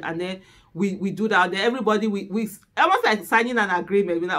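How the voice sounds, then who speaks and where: A woman with a Nigerian accent chatting candidly to the camera as host, openly emotional and laughing loudly. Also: medium pitch, animated, fast.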